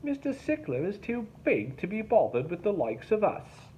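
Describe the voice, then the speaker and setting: A man's voice: medium pitch, sing-song, a little slow, voice pushed up. A man voicing an arrogant male TV survival star who talks in a sneering, haughty way. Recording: slightly dull recording with faint hiss.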